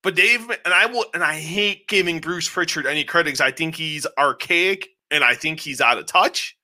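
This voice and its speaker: A man co-hosting a podcast, giving a casual, rambling, animated review with plenty of swearing. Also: a little high, normal speed. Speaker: podcast co-host. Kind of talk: casual show review chat.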